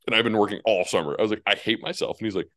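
A man in his twenties, a college pitcher, telling baseball stories in casual chat and acting out the people he quotes. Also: very fast, no room sound, clean studio sound. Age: 20s. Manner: animated storyteller, acts out quotes in high voices.

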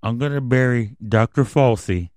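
Hosting his own radio show as a podcast host, a man rambles through a crude, conspiratorial rant full of swearing and winds down emotional and subdued. He talks at a moderate pace in a medium-pitched, darkish voice. The recording has clean studio sound with no echo.

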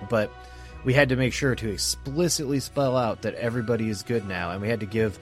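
A man's voice: medium pitch, fairly even intonation, fairly quick, faint music behind. A man co-hosting a podcast in casual chat, laughing often and slipping into silly quoted voices. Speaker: podcast co-host. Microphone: remote podcast mic.

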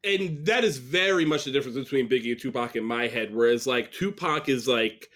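A man's voice: mid-range voice, brisk. A man chatting on a podcast in a loose, rambling way. He keeps the talk casual and peppers it with fillers and the odd curse. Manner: relaxed, rambling, frequent fillers and swearing.

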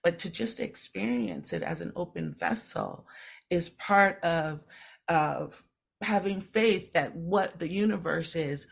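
A woman speaking as a podcast guest, teaching spiritual ideas slowly and earnestly and repeating phrases for weight. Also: lowish voice, big pitch swings, gravelly, husky. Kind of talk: casual podcast conversation.

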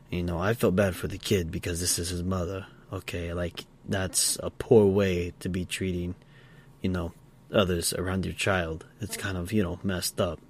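Tired guy rambling thru a story, kinda low voice, lots of um and uh, keeps restarting. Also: flat delivery, slight background noise. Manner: halting, many fillers and restarts. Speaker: podcast co-host. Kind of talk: casual role-play storytelling.

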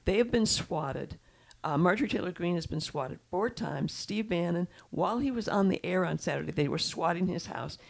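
A woman's voice: on the low side, lively intonation, normal speed, vocal fry. A middle-aged woman giving casual, indignant political commentary as a show regular, talking in long run-on sentences. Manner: chatty, indignant, breathless run-on talk.

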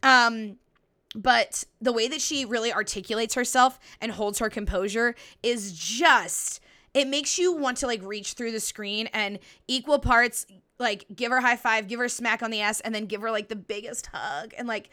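A woman's voice: on the high side, moderate pace, sharp tone. A young woman hosting a casual solo podcast, talking bluntly and animatedly, swearing freely and acting out quotes. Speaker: podcast host.

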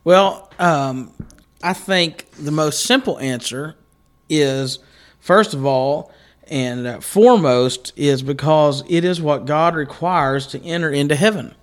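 A man, a guest on a faith show, explaining doctrine in a measured, halting way. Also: a little high.

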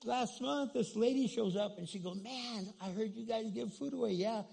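A man's voice: sits high, moderate pace, vocal fry, darkish tone, breathy edge. A male pastor preaching a sermon, with many restarts and quoted asides.

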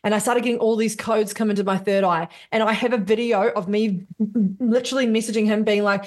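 Sweary woman, excited storyteller. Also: mid-range voice, brisk, few pauses. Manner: swears freely and acts out quotes. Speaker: business coach guest. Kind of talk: casual podcast interview.

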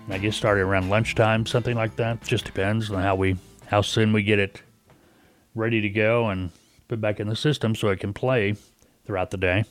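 A man's voice: lowish voice, fairly even intonation, normal speed, over music. A middle-aged man hosting a casual talk radio show, telling a folksy story and acting out a caller's lines.

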